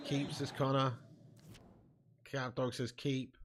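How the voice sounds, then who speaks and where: A man's voice: medium pitch, flat delivery, slow, music in the background. A man live-streaming a football game, bantering casually with his chat, reading out comments and swearing freely.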